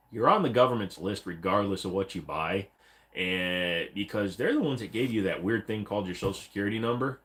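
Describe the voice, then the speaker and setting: Blunt, profane livestream host, fairly low voice. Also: male voice, fairly bright tone. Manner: blunt, profane and rambling, mock-voices chat messages. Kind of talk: casual live chat reading viewer comments.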